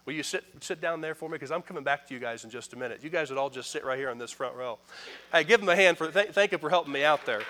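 High, bright-voiced preaching man. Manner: emphatic preaching that swings from quick asides to loud pronouncements; addresses the congregation directly and calls for responses. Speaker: pastor. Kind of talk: sermon.

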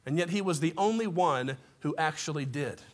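A man's voice: a little high, expressive, moderate pace. A man preaching a sermon to his congregation, impassioned, with folksy asides to the room. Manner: impassioned, rising to near shouts. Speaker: pastor.

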